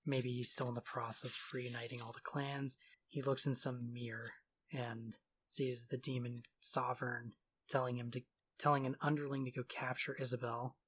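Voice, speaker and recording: In casual chat, a man with a medium-pitched, level, fairly bright voice retells a video game's plot with offhand sarcasm and fast mock quotes, acting as podcast co-host. Slight hiss or hum sits under the audio.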